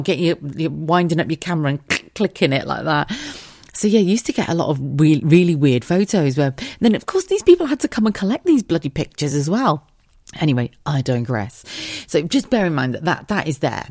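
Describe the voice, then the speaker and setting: A woman hosting a podcast, telling an anecdote in a chatty, animated way, laughing often and swearing freely. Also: low voice, dry recording, studio quality. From United Kingdom. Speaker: podcast host. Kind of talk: casual anecdotal storytelling.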